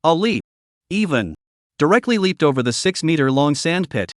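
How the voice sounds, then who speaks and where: Guy narrating a story recap, kinda high voice, steady stiff reading, dry close sound. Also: moderate pace, dry recording.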